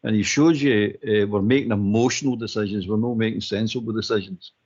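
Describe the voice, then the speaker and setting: A man's voice: lowish voice, steady tone, a little fast, darkish tone. A Scottish man calling in to a radio phone-in, giving his opinion emphatically and repeating his points. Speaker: caller. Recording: muffled phone-in line.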